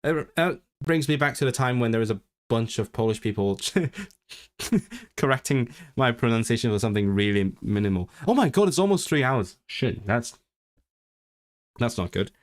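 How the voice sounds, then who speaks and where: A young man hosting a casual livestream, rambling and often correcting himself while he slowly reads practice sentences aloud. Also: mid-range voice, lively intonation. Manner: rambling, self-correcting, chatty. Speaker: livestream host.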